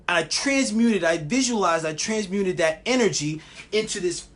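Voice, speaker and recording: A man's voice: sits high, normal speed. Guy vlogging about his own stuff, super passionate, keeps restarting sentences. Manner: passionate, animated storytelling with restarts. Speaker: wellness vlogger. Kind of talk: personal story to camera.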